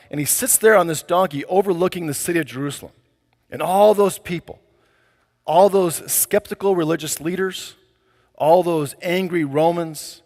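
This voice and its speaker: A man preaching a sermon in a casual, conversational way, full of fillers. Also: a little high. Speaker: pastor. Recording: long hall reverb.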